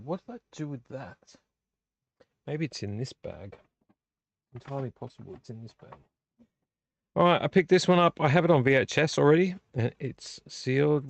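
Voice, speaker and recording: A man hosting a casual late-night live vlog, rambling about his tape collection with many fillers. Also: medium pitch. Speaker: vlog host. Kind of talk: casual live chat unboxing VHS tapes. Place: small home room.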